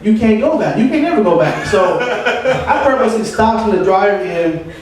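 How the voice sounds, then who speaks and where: A man's voice: high-pitched, lively intonation, moderate pace. A man doing rambling, ranting stand-up comedy at an open mic. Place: open mic venue with audience. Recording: echoey room from far off, audience.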